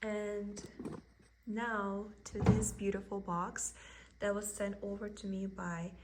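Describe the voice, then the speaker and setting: A woman with a thick Russian accent, a vlogger chatting excitedly about her cross stitch haul at home. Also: mid-range voice, slow pace, heavy background noise. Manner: gushing, excited, with soft giggles. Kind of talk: casual haul video.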